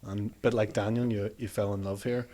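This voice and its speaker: A male interviewer with a lowish voice asks friendly questions and sometimes hesitates. The talk is relaxed and conversational. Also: brisk.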